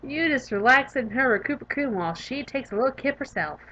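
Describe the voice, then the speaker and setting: A young woman with a Southern US accent reads a visual novel aloud and comments on it, gushing and animated. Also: high-pitched, fast talker, few pauses, soft background music, low-quality recording. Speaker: gaming YouTuber.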